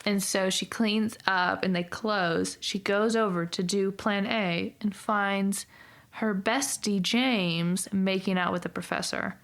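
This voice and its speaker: A young woman hosting a casual book club podcast, bubbly and quick to laugh, with lots of "like". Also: mid-range voice, fairly even intonation, fairly bright tone. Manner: bubbly, laughs often, says "like" a lot.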